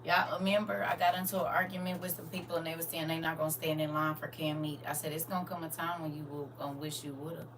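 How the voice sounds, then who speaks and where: A woman's voice: low voice, fast talker, few pauses, background noise. A woman, chatting casually to viewers on a livestream and talking straight to them. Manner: animated, talks straight to viewers. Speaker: livestream host.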